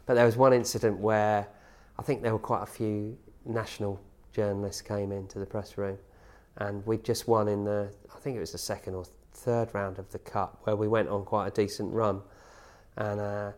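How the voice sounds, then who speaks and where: Rambling, low-voiced man reminiscing. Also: level tone, normal speed, a little mellow. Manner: loose and rambling, with fillers. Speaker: interviewee reminiscing about a manager. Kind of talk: interview reminiscence.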